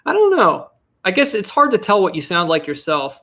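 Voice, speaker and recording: A man's voice: high-pitched, wildly swooping pitch, normal speed, gravelly, bright, forceful tone. A young man chatting casually on a live stream, rambling and restarting his sentences, with frequent laughs. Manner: rambling, self-interrupting, giggly.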